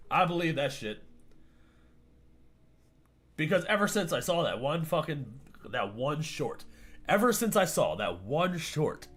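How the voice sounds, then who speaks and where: A man hosting a live reaction stream, ranting loudly, swearing and laughing as he talks. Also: medium pitch. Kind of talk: casual reaction stream commentary.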